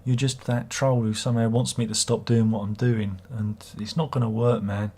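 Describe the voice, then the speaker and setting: A man's voice: medium pitch, level tone, moderate pace, dark tone, breathy edge. A middle-aged man hosts a livestream, chatting casually and reading viewer comments in a sarcastic, rambling way. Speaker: livestream host.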